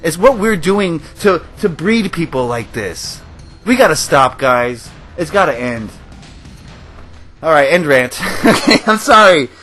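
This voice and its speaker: A man's voice: fairly high pitch, animated, takes it slowly, fairly bright tone, faint music behind. A man hosting a gaming video, giving a passionate, emotional rant to his viewers. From United States. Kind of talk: ranting commentary over gameplay.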